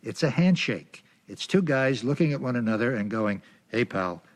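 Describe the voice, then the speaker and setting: Older guy in an interview, calmly looking back, average-pitched voice. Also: normal speed. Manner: plain, reflective recollection. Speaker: interviewee recalling his career. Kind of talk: documentary interview.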